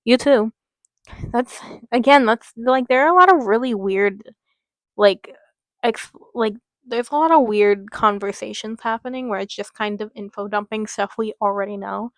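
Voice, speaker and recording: A woman's voice: mid-range voice, normal speed, no echo. A young woman reading a horror story aloud, breaking off into giggly, rambling asides full of filler words. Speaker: story reader.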